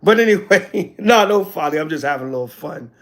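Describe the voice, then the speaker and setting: A man's voice: fairly high pitch, expressive, brisk. A man speaking as an elder to a livestream audience, talking casually in with slangy, sarcastic asides and answering comments. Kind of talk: casual livestream teaching, reading chat comments.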